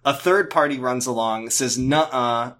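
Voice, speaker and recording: A man's voice: medium pitch, fairly quick, a bit bright. A man co-hosting a casual podcast, rambling through a TV episode with sarcastic jokes and many restarts. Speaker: podcast co-host. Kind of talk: casual chat recapping a TV episode.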